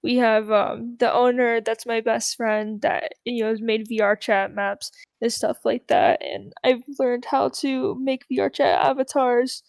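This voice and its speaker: A woman chatting casually in a relaxed, giggly, slangy way. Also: fairly high pitch, measured pace, creaky, few pauses, no room sound. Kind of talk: casual chat.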